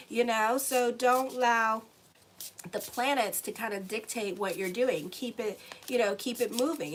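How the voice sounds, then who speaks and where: A woman astrologer talks her viewers through a monthly tarot spread in a loose, chatty way. Her voice sits a little high, and she is blunt and sassy, often checking in with "okay?" and calling her viewers "y'all". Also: normal speed, a bit bright, a little hiss or hum, poor audio.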